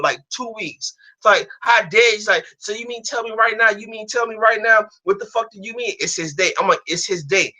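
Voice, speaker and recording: A man with a bright, forceful voice telling a story on a casual stream, his pitch sitting a little high. He talks with lots of swearing and restarts, getting worked up as he goes. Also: poor audio. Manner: animated storytelling, heavy profanity, many restarts. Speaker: stream co-host. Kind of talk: casual chat.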